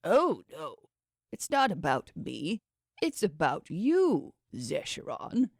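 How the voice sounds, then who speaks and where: Woman reading a smooth scheming man. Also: fairly low pitch, huge pitch swings, takes it slowly, a little mellow, no room sound, clean studio sound, full character voice. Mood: persuasive. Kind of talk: audiobook character voice.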